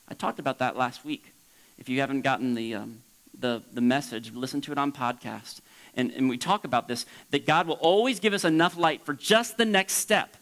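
A man from Florida preaching as a pastor, leaping up high for emphasis and dropping to a soft hush for reflection. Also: low-quality recording. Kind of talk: sermon.

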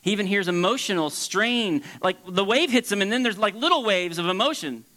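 Animated preaching man, bright voice. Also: high voice, brisk, poor audio. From Florida. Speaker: pastor. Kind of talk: sermon.

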